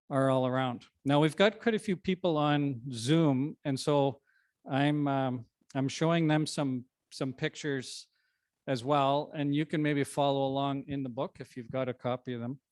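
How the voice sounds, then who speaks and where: A man, a co-author, speaking at a book launch in an informal, conversational way with frequent pauses and restarts. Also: mid-range voice, smooth, no echo, studio quality. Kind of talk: informal presentation to an audience. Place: library event room.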